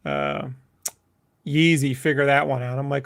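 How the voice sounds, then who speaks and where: A man's voice: medium pitch, big pitch swings, moderate pace, vocal fry, long pauses, clean tone. A man co-hosting a casual podcast, blunt and sardonic, swearing freely. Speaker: podcast co-host, artist. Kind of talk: casual chat.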